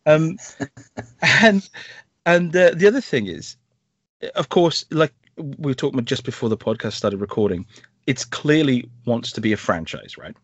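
A man's voice: medium pitch, normal speed, slightly rough, no room sound, muffled recording. A man, a podcast co-host, chatting casually through a film review, rambling and sarcastic. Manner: animated, rambling, sarcastic asides.

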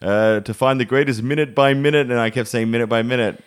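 A young man with a mid-range voice chats on a podcast. He rambles through animated anecdotes and often breaks into self-amused laughter, with the loose, easy rhythm of a stand-up comedian talking off stage. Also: mid-range voice, fast talker, clear, resonant tone. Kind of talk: casual podcast chat, storytelling.

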